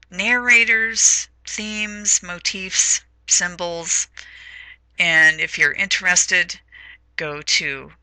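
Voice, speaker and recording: A woman's voice: low voice, bright, forceful tone, no echo, poor audio. A woman teaching a literature lesson in a recorded lecture, talking in a hesitant way with many fillers.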